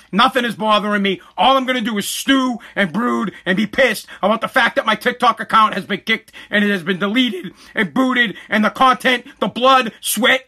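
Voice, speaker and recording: A man's voice: very high-pitched, pushed and bright. A man hosting a solo podcast, ranting in a profane, agitated way and stammering often. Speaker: podcast host.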